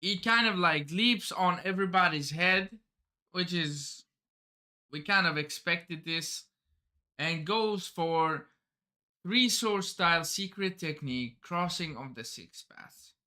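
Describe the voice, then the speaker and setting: A man's voice: high voice, slow, sharp tone. A man hosting a live manga reaction, rambling and often stumbling and restarting his sentences. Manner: rambling, self-interrupting, stumbles over words.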